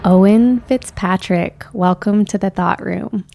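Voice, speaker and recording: A woman's voice: medium pitch, measured pace, vocal fry, music in the background. A woman hosting a podcast, reading an upbeat intro and then chatting casually with her guest, laughing easily. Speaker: podcast host. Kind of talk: scripted intro and casual interview. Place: New York.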